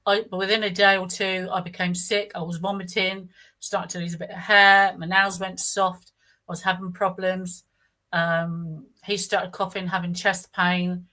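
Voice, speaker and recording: In a rough recording, a middle-aged woman with a lowish, slightly bright voice tells her own story casually. She rambles, often restarts her sentences, and acts out what other people said.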